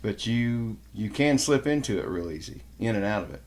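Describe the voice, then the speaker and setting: A man with a fairly low voice hosts a relaxed podcast conversation. He is chatty, quick to agree and keeps the talk moving. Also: slight background noise. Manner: chatty, agreeing, playful mimicry. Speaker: podcast host. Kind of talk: casual chat.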